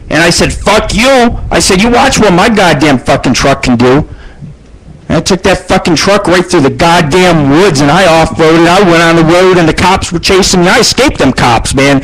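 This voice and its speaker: A man's voice: a little hiss or hum, poor audio. A middle-aged man hosting a radio show, ranting crudely and boastfully in a rambling monologue. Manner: profane, boastful, rambling, shifts pitch for jokes. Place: abandoned house.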